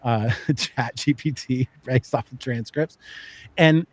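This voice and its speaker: A man talking as a podcast guest in a casual, animated way, thinking out loud with many fillers and restarts. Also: mid-range voice, slow pace, breathy edge, no room sound. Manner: acts out quoted voices for emphasis. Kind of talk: casual conversational chat.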